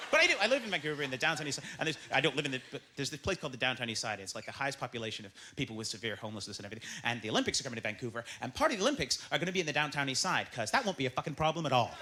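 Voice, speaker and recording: A man from Canada doing a stand-up comedy set, fast and animated, jumping into shouts. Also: mid-range voice, noisy background. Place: comedy club stage with audience. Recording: stage mic with loud audience laughter.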